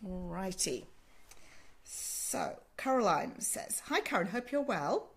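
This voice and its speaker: An older Australian woman, a sleep consultant, answering viewers on a casual live stream. She talks in a chatty, motherly way, calls people "love", keeps checking with "okay?", and her voice is still a little rough after a sore throat. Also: mid-range voice, big pitch swings, slow pace.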